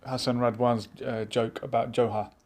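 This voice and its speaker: A man hosting a live online chat show, musing out loud and reading viewers' comments aloud in a casual, thinking-aloud way. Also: medium pitch, flat delivery, normal speed. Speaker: livestream chat host.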